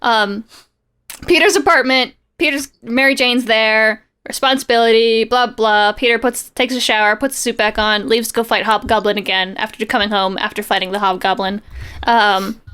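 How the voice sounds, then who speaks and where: A woman's voice: fairly high pitch, fairly even intonation, moderate pace, fairly bright tone, clear, resonant tone. A young woman co-hosting a podcast, chatting casually and sarcastically while recapping a comic, laughing often. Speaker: podcast co-host.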